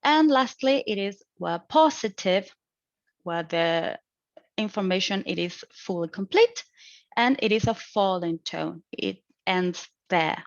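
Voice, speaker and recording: A young adult woman student explaining her recorded exam answer, with slow, deliberate phrasing, hesitant restarts and grammar slips. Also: mid-range voice, lively intonation, gravelly, no echo. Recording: dry, dull lo-fi home recording.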